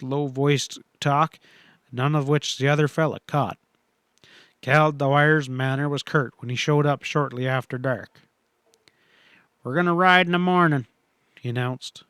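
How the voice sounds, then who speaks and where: A man narrates a western audiobook with a steady, measured delivery. His voice sits a little high for a man. It is recorded close and dry, with no room sound. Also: clean tone, no room sound.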